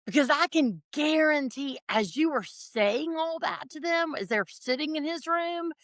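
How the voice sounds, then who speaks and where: A woman's voice: high voice, measured pace, fairly bright tone, no echo, clean studio sound. A woman guest on a podcast, speaking in an affirming, reflective way in conversation. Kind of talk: supportive conversational chat.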